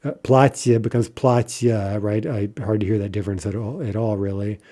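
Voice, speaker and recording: A man giving a video language lesson in a mellow, warm voice. He explains patiently, with frequent fillers and a habitual "right?" to keep students with him. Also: lowish voice, fairly even intonation, moderate pace. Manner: patient, repeats "right?" often, many fillers. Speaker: language teacher.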